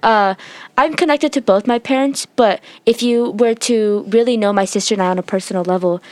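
A woman's voice: on the high side, brisk, darkish tone, dry recording. A teenage girl sharing an emotional personal story, talking with lots of fillers and sometimes close to tears. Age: teens. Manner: heartfelt, tearful at times, many fillers.

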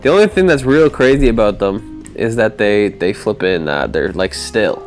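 A man's voice: on the low side, expressive, normal speed, faint music behind. A young man co-hosting a podcast on a video call, overtired and playful, laughing often in casual chat. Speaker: podcast co-host.

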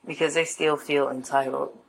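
A woman's voice: sits low, fairly even intonation, normal speed, vocal fry, slight background noise, rough recording. A woman talking in a laid-back, slangy casual monologue, giving life advice to her viewers. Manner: laid-back and slangy, acts out voices in anecdotes.

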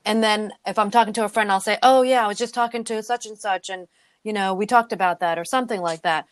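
A woman's voice: mid-range voice, fast talker, smooth, no room sound. A middle-aged woman co-hosting a casual chat podcast. She talks in an easy, chatty way and laughs often. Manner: giggly, chatty, reacts with frequent laughs. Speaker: podcast co-host.

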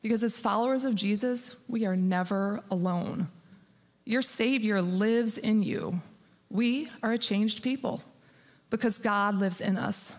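A woman's voice: medium pitch, measured pace. Candid woman pastor in a reverberant church. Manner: candid, conversational, self-deprecating. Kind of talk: sermon. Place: church sanctuary. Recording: long hall reverb.

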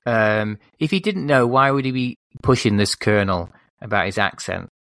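Man cohost, low voice, dry close sound, rambly explaining. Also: moderate pace, vocal fry, a bit bright, dry recording. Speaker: podcast co-host. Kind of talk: casual chat.

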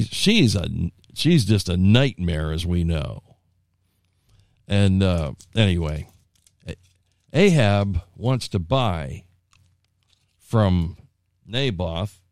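A man's voice: sits low, very animated, very slow, long pauses, darkish tone, dry recording, clean studio sound. A man preaching informally, retelling a scripture story in his own folksy words, with asides and restarts along the way. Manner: rambling with frequent restarts and asides. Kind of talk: informal Bible teaching.

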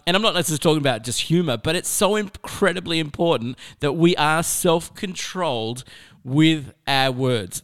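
A man's voice: a little high, a bit bright, smooth. A middle-aged man giving an earnest, conversational motivational talk to teenagers, mixing personal stories with scripture. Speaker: youth speaker.

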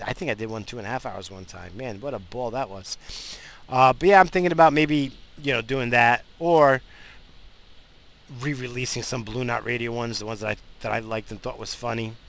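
A tired man rambles through a casual monologue from his car as host of his own show. His voice is gravelly and fry-laden, yet bright and forceful in tone, and he restarts sentences often. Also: medium pitch, steady tone, fairly quick. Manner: rambling, with frequent restarts and fillers. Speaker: podcast host. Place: in a car, driving.

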